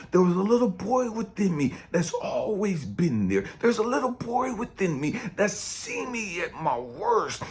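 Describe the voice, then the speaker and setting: A man, a spiritual life coach, giving an impassioned, profane monologue that swings from loud to hushed whispers. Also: sits high, slight background noise.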